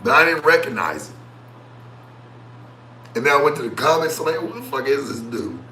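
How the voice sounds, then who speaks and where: A man rants to his stream, profane and mocking, and tells the story with a lot of animation. His voice is bright and forceful. He records in an echoey room with a faint hum of ambience. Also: mid-range voice, sing-song, normal speed. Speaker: streamer and talk show host. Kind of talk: casual rant to live stream chat.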